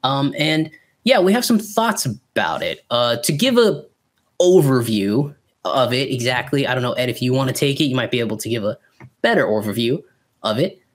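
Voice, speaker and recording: A man's voice: medium pitch, sing-song, normal speed. A man co-hosts a podcast and reviews films in loose, casual chat. He rambles and swears freely. His voice sits in a middle register and moves up and down a lot. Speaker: podcast co-host.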